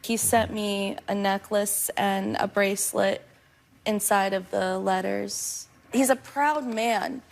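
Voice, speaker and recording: A woman's voice: medium pitch, steady tone, slow, gravelly. A woman guest on a TV talk show, earnestly gushing about her fiancé and laughing easily.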